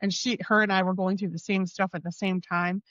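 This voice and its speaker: A woman's voice: mid-range voice, flat delivery, brisk, fairly bright tone, dry recording, highs cut off. A woman speaking as a podcast guest in an earnest, casual chat, with lots of "like" and "you know what I mean".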